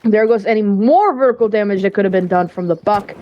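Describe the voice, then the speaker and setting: A woman delivers live play-by-play for an esports match in a casual, talkative way, dropping fillers as she follows the action. Her voice sits at an ordinary middle pitch. Faint gunfire from the game plays quietly underneath. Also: a little fast, lo-fi sound, slight background noise. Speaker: esports caster.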